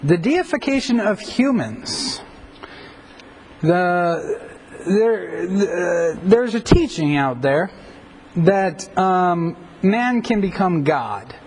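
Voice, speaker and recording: A man's voice: high-pitched, very animated, slow, husky, poor audio. A male pastor giving a conversational Bible teaching, with frequent fillers and self-corrections.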